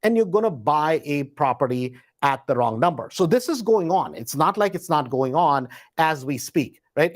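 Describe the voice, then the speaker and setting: A man's voice: a little high, a little mellow. A man hosting a live question-and-answer session, talking casually and often checking in with "right?" while acting out quoted thoughts. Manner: conversational, frequent "right?" tag questions; acts out quoted inner voices. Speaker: host. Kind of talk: live Q&A talk.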